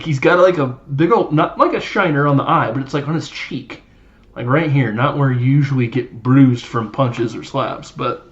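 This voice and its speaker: A man's voice: medium pitch, a bit bright, muffled recording. A man hosting a podcast, casually recapping a film in a loose, chatty way with lots of fillers. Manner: loose and chatty, many fillers, laughs while acting out scenes. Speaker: podcast host.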